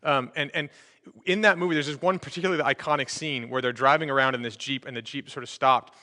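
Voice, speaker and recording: A man's voice: medium pitch, fairly even intonation, quick pace, sharp tone, long reverb tail. A man preaching a sermon as pastor, in a conversational way with frequent fillers and restarts. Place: church sanctuary.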